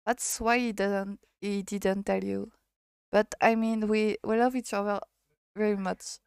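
A woman's voice: medium pitch, level tone, a little slow, vocal fry, a little mellow, clear, resonant tone, dry recording, clean studio sound. A nervous young woman in love, read by a French woman. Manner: nervous, faltering.

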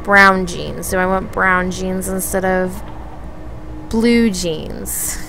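A young woman streaming a survival game, chatting to herself with lots of fillers, slipping into high panicked pleading at times. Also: fairly even intonation, slow pace, gravelly, background noise. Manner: chatty, filler-heavy, talks to herself while exploring; panicked high-pitched pleading when attacked. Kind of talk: casual live-stream commentary.

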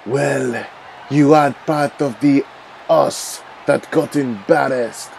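A man's voice: mid-range voice, takes it slowly, vocal fry, darkish tone, a little hiss or hum, poor audio. A man voicing an arrogant male wrestler who mocks and taunts his rival in a game role-play. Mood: taunting. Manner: mocking, taunting.

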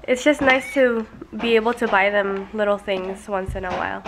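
A woman's voice: medium pitch, moderate pace, few pauses, a little hiss or hum. A young woman chatting casually at home in a vlog, easygoing and chatty, talking to her babies now and then. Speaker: mother vlogger.

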